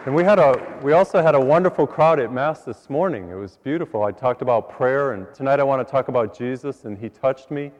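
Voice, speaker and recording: Joking priest in a reverberant church. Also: male voice, mid-range voice, expressive, brisk, few pauses, a little mellow. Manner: folksy storyteller, telling jokes to a live congregation. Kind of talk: joke-filled sermon. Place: large church. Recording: long church reverb, dull sound. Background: congregation laughing.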